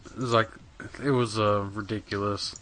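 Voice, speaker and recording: Rambling, bright-voiced man gamer. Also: on the low side, fairly even intonation, normal speed. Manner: rambling, profane, lots of fillers. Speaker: podcast co-host. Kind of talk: casual gaming podcast chat.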